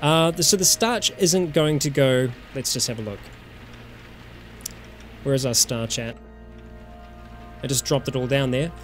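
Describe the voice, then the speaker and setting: A man's voice: medium pitch, measured pace, long pauses, soft background music. A man from New Zealand with a New Zealand accent, casually commenting on a survival game during a live stream and chatting with viewers.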